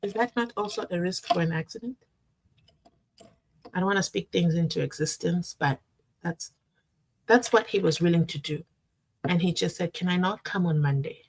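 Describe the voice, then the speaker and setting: A young South African woman with a South African accent hosting a casual live-stream from her desk, reading viewer comments aloud and reacting in an animated way. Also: on the low side, moderate pace, long pauses. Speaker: commentary channel host. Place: at a desk at home.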